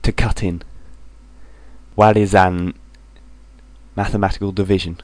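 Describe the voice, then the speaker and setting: A man reading a vocabulary list aloud, saying each Japanese word and then its English meaning in a measured drill. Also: sits low, flat delivery, a little mellow, dry recording. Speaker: language teacher.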